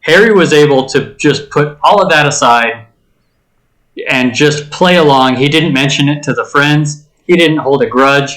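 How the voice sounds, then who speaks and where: A man's voice: a little high, normal speed, a bit bright, rough recording. A man co-hosting a casual movie podcast, thinking aloud and restarting his sentences as he reasons. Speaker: podcast co-host.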